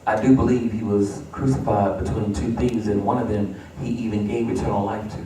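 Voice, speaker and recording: A man's voice: fairly low pitch, little pitch movement, brisk, warm tone, slight background noise. Man, pastor, sermon, emphatic repeated refrains, very echoey church, distant mic. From United States. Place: church sanctuary.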